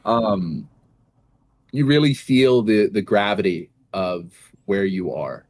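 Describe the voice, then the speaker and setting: A young man from Massachusetts co-hosting a casual gaming podcast, rambling and swearing freely, jumping into animated voices when he retells conversations. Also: lowish voice, slow. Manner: rambling, profane, animated in retold dialogue. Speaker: podcast co-host.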